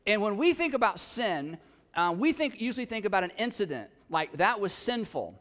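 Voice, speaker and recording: High-voiced pastor preaching in a reverberant hall. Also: male voice, moderate pace. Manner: conversational and animated, mimics listeners' voices. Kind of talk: sermon. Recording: long reverb of a large hall.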